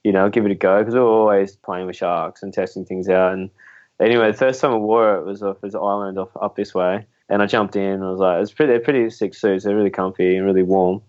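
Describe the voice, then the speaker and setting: Speaking quickly in a low, slightly mellow voice with fairly even intonation, the young Australian man rambles through laughing anecdotes as a spearfishing guest on a podcast. His manner stays easygoing throughout, though the audio is dull.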